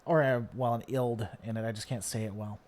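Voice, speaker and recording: A man's voice: mid-range voice, fairly even intonation, brisk, darkish tone. A man from Tennessee with a faint Southern American twang, hosting a live stream and chatting casually as he reads and answers viewer comments, rambling with many fillers and restarts. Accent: mild Southern American twang at times.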